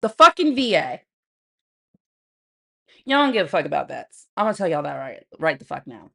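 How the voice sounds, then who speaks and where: Gravelly, blunt woman streamer. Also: low-pitched, very animated, moderate pace, pushed and bright. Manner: blunt and profane, laughing often, talking to viewers and her pet. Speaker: livestream host. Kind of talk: casual livestream chat.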